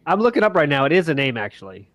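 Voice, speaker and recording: A man's voice: a little high, sing-song, very fast, a bit bright, no echo. A man hosting a podcast, playfully announcing segments in casual chat. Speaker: podcast host.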